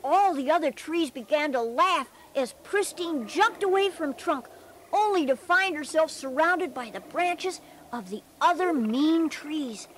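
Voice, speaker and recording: Cheerful bear narrator, high voice, slow, gentle earnest storybook telling. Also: male voice, animated, slight background noise, exaggerated voice.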